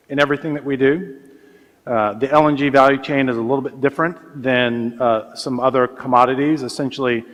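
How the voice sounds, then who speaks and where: A man speaking as a panelist at a business forum, measured and full of hesitations and restarts. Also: mid-range voice, fairly bright tone. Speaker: panelist, energy company executive. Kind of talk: conference panel remarks. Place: large conference hall. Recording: reverberant hall sound.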